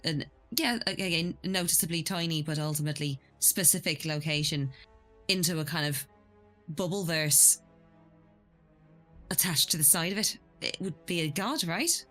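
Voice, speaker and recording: A woman's voice: low voice, normal speed, sharp tone, soft background music. A woman playing in a tabletop game, hesitant with many fillers as she speculates. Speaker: player. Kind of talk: tabletop role-play in character.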